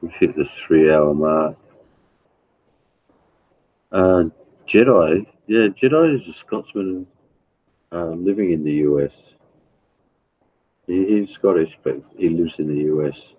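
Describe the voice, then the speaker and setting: A man's voice: sits low, slow, pauses often, slightly rough. A man chatting casually with his live viewers, rambling and calling out chatters by name, from home. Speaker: livestreamer. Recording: tinny phone-like sound.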